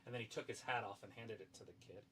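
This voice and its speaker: A very low-pitched man with a bright edge to his voice, trading dry, teasing remarks on a livestream. He sits a little away from the mic. Faint background noise runs underneath. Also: racing, distant mic, low-quality recording. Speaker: co-host. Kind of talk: casual livestream chat.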